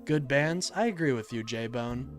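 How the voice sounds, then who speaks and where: A man's voice: medium pitch, animated, measured pace, faint music behind. A young man hosting a political live stream, reading chat and answering it in a heated, exasperated way. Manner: heated, exasperated, swings between loud and muttered.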